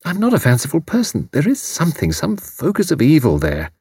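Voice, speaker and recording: A woman's voice: low-pitched, huge pitch swings, brisk, warm tone, slightly rough, no echo, studio quality, voice pushed up, full character voice. A man reading an audiobook, voicing a sensible middle-aged woman spy who is unsettled and questioning herself. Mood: uneasy. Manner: uneasy, self-questioning.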